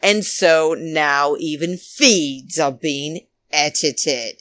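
A woman's voice: low voice, drawn-out words, fairly bright tone, no room sound. A woman hosting a casual, rambling podcast monologue from home, chatty and theatrical, who keeps calling her listeners darlings. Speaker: podcast host. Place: home, New York.

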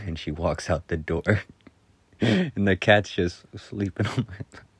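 A man's voice: deep voice, a little slow, breathy edge, dry recording. A middle-aged man casually telling stories, laughing often and rambling with crude humor. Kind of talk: casual storytelling monologue.

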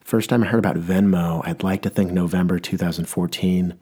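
A young man with a low, husky voice, delivering a comedic rant. He rambles and breaks off mid-sentence to restart his thoughts. The whole thing has a mock-earnest, playful tone. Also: fairly even intonation, fairly quick, dark tone.

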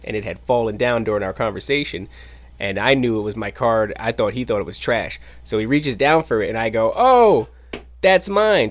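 A man hosting his own podcast, telling a casual story in an animated way and swearing freely. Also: fairly low pitch. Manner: animated, acts out quoted voices, swears casually. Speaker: podcast host. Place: home podcast studio.

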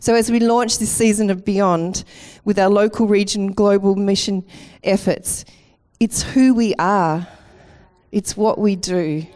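A middle-aged woman, a campus pastor giving a lively, playful welcome and sermon in church. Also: medium pitch, measured pace. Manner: chatty and playful, laughing at herself. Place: church auditorium.

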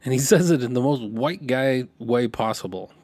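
A man's voice: medium pitch, normal speed, husky, no echo. Man rambling through a story, dry sound. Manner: rambling, self-correcting, animated when quoting. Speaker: podcast host telling a story. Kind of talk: casual storytelling.

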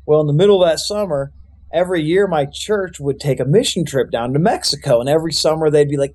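A man's voice: a little high, fast, a little mellow. A young man, a youth pastor, telling his life story in a loose, rambling way with lots of fillers. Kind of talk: casual storytelling testimony.

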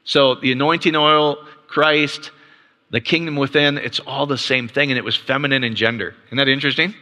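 A man with a bright, forceful voice gives a loose, conversational Bible lesson to a group in front of him. He keeps tossing in a quick "right?" and trips into restarts as he works through his points. His voice carries a long reverb, as if the mic picks him up in a large hall. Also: mid-range voice, steady tone. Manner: casual, peppers points with rhetorical "right?"; frequent restarts and stammered repeats. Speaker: Bible teacher. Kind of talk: conversational Bible teaching with slides.

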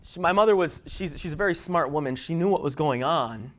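A middle-aged male pastor preaching a sermon in church, building to loud emphatic peaks and then dropping to hushed storytelling, often repeating words as he restarts. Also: fairly high pitch, animated, fairly quick.

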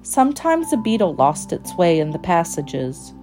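A woman reading a children's storybook aloud in a gentle, unhurried manner. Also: lowish voice, very animated, soft background music.

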